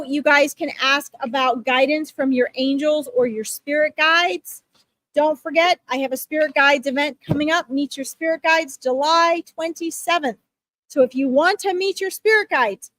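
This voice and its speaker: A woman's voice: high-pitched, fairly bright tone, no room sound. A woman hosting live psychic readings, talking casually and reassuringly to her viewers, with frequent okays and ums. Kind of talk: casual livestream talk to viewers.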